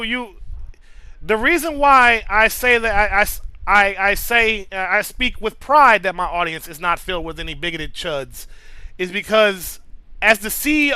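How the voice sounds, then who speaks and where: Bright, crisp-voiced man streaming casually. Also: high voice, dry recording, rough recording. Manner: loose, profane, stammering restarts, reads chat names aloud. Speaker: streamer chatting with viewers. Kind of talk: casual live-stream chat.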